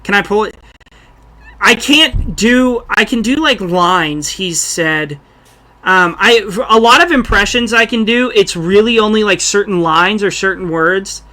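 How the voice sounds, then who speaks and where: Bright-voiced young man joking on a podcast. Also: high voice, measured pace. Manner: loose and joking, drops into celebrity impressions. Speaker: podcast host. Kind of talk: casual podcast chat.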